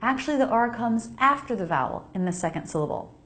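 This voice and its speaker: A woman with an American accent teaching pronunciation, modeling each sound slowly and repeating words for the listener to copy. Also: fairly high pitch, animated, a bit bright. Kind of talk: slow pronunciation lesson.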